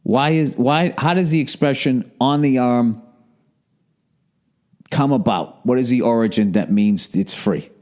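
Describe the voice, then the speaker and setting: A man's voice: mid-range voice, unhurried, a little mellow. A man talking in a rambling, profane monologue as a podcast host, his voice a little sore and a cough drop in his mouth.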